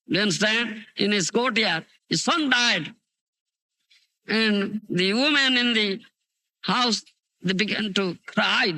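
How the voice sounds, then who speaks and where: On a dry, close tape from 1992 with no echo, a man with a high voice and an Indian English accent teaches scripture as a spiritual teacher. He animates his stories vividly and frequently checks comprehension with "huh?" and "you understand?".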